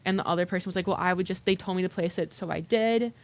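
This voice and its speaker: A woman's voice: fairly low pitch, racing, a little mellow, slight background noise. Woman, workshop participant, earnest storyteller, mid-range voice, plain room. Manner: earnest, recounts dialogue in quotes. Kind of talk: telling a personal story. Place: meeting room.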